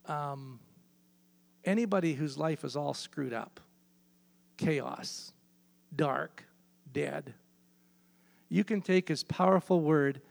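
Man preaching a sermon, high voice, long hall reverb; emphatic, hammers key phrases. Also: creaky, fairly bright tone.

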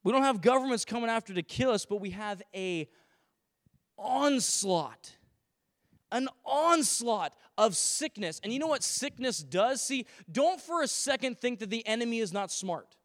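A man from Canada preaching a sermon as a pastor to his congregation, animated, with humorous asides and acted-out quotes. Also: very high voice, a little slow, long reverb tail. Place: church sanctuary.

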